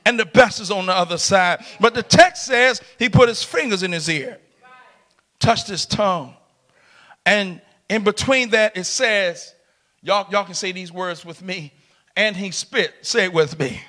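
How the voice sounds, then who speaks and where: A middle-aged man preaching a lively sermon in a church, shouting and laughing with the congregation. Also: high-pitched, measured pace. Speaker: pastor. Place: church sanctuary.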